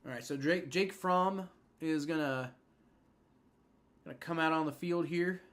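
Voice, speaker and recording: A young man hosting a live fan stream, giving rambling play-by-play and reaction with many fillers and restarts, getting excited on big plays. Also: fairly high pitch, measured pace. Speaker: livestream host.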